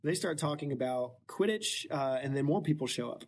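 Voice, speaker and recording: A man hosting a casual book podcast, retelling the plot playfully with quick joking asides. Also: on the high side, expressive. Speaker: podcast host.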